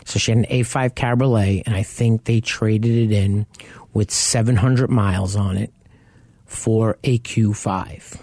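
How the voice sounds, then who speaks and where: A man's voice: on the low side, steady tone, measured pace, a little mellow, no room sound. A man co-hosting a talk show about buying cars, telling anecdotes in a casual way and acting out what people said. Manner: storytelling, acts out quoted people. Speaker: co-host.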